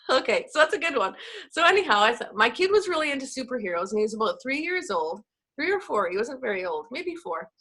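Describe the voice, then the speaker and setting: Bright and forceful, with a fairly high pitch, this Canadian network marketing coach tells self-deprecating stories in a casual video call conversation.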